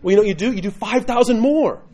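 Fast-talking lively man teaching a church class. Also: high voice, rough recording. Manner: lively, conversational, acts out quotes. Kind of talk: sermon-style class talk.

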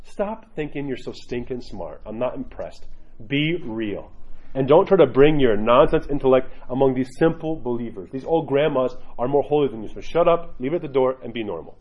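A man voicing a stern elderly monk deacon with a British accent, talking low, slow and blunt. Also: animated, highs cut off, lightly acted. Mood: blunt scolding.

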